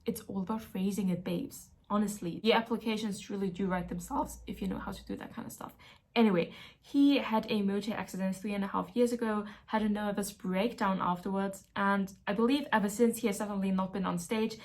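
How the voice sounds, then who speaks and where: A woman's voice: mid-range voice, brisk. A woman book vlogger chatting casually as she sums up a mystery novel, playful and self-mocking.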